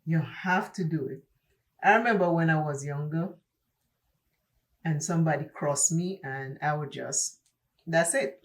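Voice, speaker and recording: A woman with an accent, talking while doing her makeup in a chatty get-ready-with-me vlog, emphatic and preachy, repeating herself for stress. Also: on the low side. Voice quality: speaks with an accent. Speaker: beauty vlogger.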